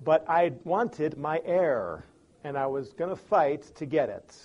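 A man from Chicago giving an animated motivational talk on communication, acting out examples with big swings in pace and loudness. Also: a little high, a little slow, muffled recording. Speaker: speaker on communication.

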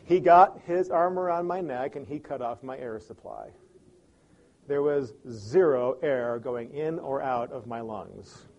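A man from Chicago giving an animated motivational talk on communication, acting out examples with big swings in pace and loudness. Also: medium pitch, unhurried, highs cut off. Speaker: speaker on communication.

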